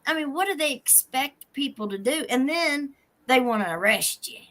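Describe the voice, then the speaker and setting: A woman hosting a show, telling her own stories in a plain, unhurried way as she comments on a clip. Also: sits high, animated, a bit bright. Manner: slow, plainspoken storytelling. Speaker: host. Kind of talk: casual commentary on a video clip.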